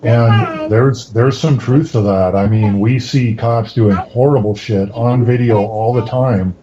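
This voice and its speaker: A man's voice: on the low side, fairly even intonation, a little slow, a crowd in the background. A man hosting a podcast interview, talking conversationally with frequent fillers. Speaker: podcast host. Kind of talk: casual interview talk. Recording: dull lo-fi audio.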